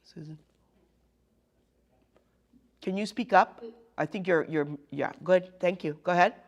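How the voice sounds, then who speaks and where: Slow, gravelly woman counting out beats. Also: fairly low pitch, a little mellow, dull audio. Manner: counts beats aloud and checks in with "okay?". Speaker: ukulele teacher. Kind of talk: live group music lesson. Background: ukulele playing.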